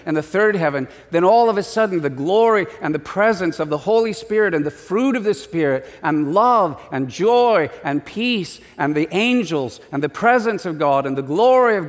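A man delivers an animated sermon, slipping into small acted voices as he tells stories. His voice sits high for a man. Long reverb from a church hall trails every line. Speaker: pastor.

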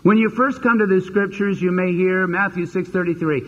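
A man preaching a sermon as pastor, animated and acting out the voices he quotes. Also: high voice, moderate pace. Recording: dull lo-fi sermon recording with long reverb.

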